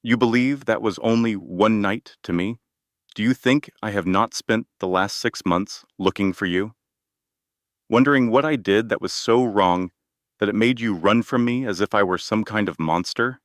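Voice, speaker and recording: A man's voice: fairly low pitch, no echo, clean studio sound, lightly acted. A man voicing a cold, menacing crime boss. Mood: cold, demanding. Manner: cold, deliberate, demanding. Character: menacing wealthy male crime boss, hurt and furious.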